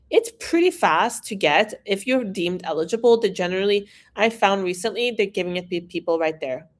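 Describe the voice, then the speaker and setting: A woman's voice: mid-range voice, lively intonation, brisk, hardly any pauses. A woman from Iran, an immigration consultant, answering viewer questions in a frank, casual live-stream Q&A and reading the questions aloud.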